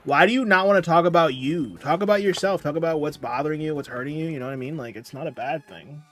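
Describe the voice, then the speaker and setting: Tired young man, casual stream chat, rambling, slightly high voice, faint background music. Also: fast talker, a bit bright. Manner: rambling, chatty, easygoing. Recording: music playing faintly behind.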